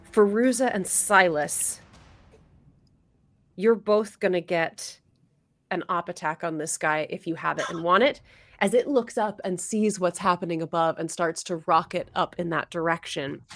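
Woman game master, slightly low voice, chatty filler-heavy narration, faint music behind. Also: vocal fry, a bit bright.

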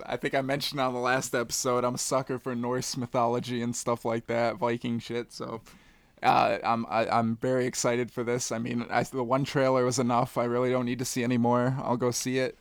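A man's voice: medium pitch, vocal fry, no echo. A man on a movie podcast, chatting in a laid-back, joking way. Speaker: podcast guest. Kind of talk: casual chat.

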